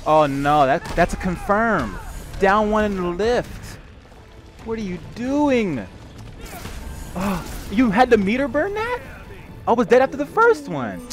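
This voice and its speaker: Gamer host, male, trash-talking commentary with a high voice that swoops all over, game music underneath. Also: big pitch swings, unhurried, pauses often. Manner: loud, profane trash talk with mocking repeats. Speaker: gaming video host and player. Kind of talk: live commentary while playing a fighting game.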